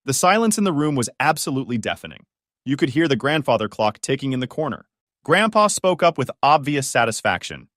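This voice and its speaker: Brief: a man reading a story aloud, animated intonation, dry close mic. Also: mid-range voice, brisk, no room sound. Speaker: story narrator. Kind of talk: scripted story narration.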